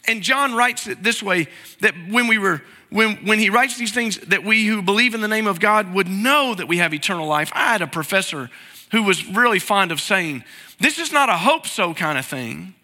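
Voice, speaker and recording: A man's voice: high voice, normal speed, sharp tone. A middle-aged man preaching a conversational sermon from a church sanctuary, asking the congregation to repeat after him. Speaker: pastor. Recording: hall reverb.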